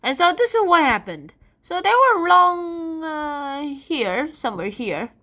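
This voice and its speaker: A woman's voice: sits high, slow. A woman giving a playful, casual history lesson, joking and adding sound effects. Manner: animated, jokey, adds sound effects. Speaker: history explainer.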